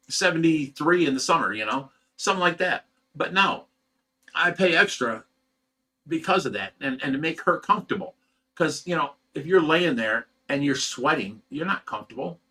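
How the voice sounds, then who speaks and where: A man's voice: fairly high pitch, expressive, normal speed, pushed and bright. A middle-aged man from Ohio who runs a fish rescue, venting at home in a casual, agitated monologue, stumbling over repeated words. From Ohio, USA.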